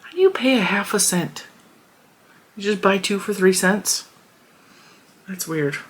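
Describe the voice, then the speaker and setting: A woman's voice: mid-range voice, expressive, a little slow, slight background noise. A woman in her thirties chatting casually to her viewers, rambling with frequent fillers and restarts. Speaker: crochet vlogger. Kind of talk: casual chat.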